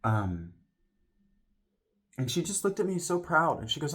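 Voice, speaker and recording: A man's voice: a little high, sing-song, normal speed, a bit bright. A man vlogging a casual personal story, rambling, with frequent restarts and self-corrections, and voicing other people's lines as he retells it.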